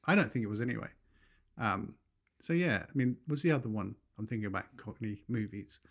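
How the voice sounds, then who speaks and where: A man, co-hosting a casual podcast chat, explaining things in a chatty way and quick to laugh. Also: on the low side, lively intonation, a bit bright. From England. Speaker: podcast co-host.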